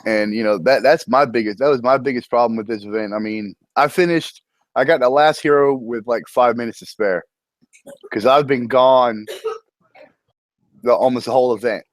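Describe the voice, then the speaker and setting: A man's voice: medium pitch, normal speed, no echo. A man hosting a casual voice-chat show about a strategy game event, easygoing and profane, often chuckling. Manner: laid-back, profane, chuckling. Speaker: podcast host.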